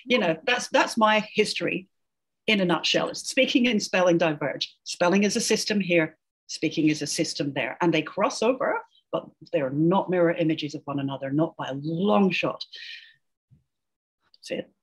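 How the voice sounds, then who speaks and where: A middle-aged woman who is an educational linguist explains things chattily as an interview guest, laughing often and ending her points with "right?" in casual conversation. Her voice is husky and fairly low, at a moderate pace.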